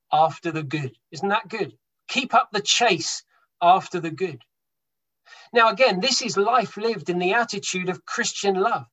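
A man's voice: sits high, measured pace, slightly rough, rough recording. A man preaching a sermon to his congregation, emphatic, swelling and dropping his volume for stress. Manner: emphatic, rises and drops in loudness for stress.

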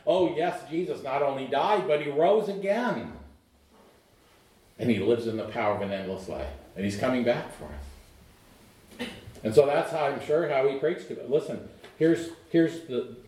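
Middle aged guy preaching, earnest, goes loud then hushed, sounds far from the mic in an echoey room. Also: animated, moderate pace. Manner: earnest, swings from emphatic to hushed and low. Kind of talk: sermon. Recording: roomy echo, voice off-mic.

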